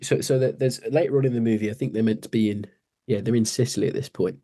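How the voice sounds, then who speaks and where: A man's voice: medium pitch, fairly even intonation, fast, mellow, a little hiss or hum. A man co-hosting a podcast in casual chat, laughing and recounting film scenes animatedly. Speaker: podcast co-host.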